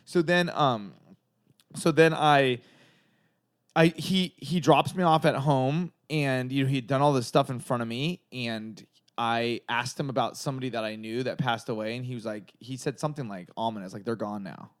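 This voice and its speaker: Guy from socal rambling thru a crazy story, lots of likes and f-words, normal-pitched voice. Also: fairly even intonation, normal speed, smooth. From San Gabriel Valley, California. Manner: rambling, swearing, heavy filler words. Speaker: comedian guest. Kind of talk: casual storytelling chat.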